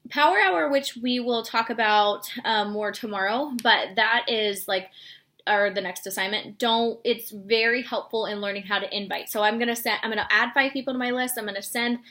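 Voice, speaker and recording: Bright, chatty woman coaching. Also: on the high side, normal speed. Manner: chatty, filler-heavy, acts out sample messages in a bright upbeat voice. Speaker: fitness coach. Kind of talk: casual instructional talk.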